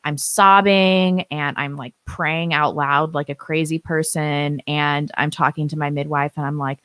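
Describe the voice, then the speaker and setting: A woman co-hosting a live stream, telling her story in a casual, animated way, acting out what people said and laughing often. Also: sits low, unhurried, hardly any pauses, no room sound.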